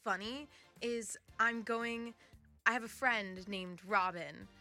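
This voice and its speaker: A young woman, the show's social media manager, explaining quickly in casual chat. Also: mid-range voice, bright, forceful tone, no echo, faint music behind. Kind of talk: casual radio show chat.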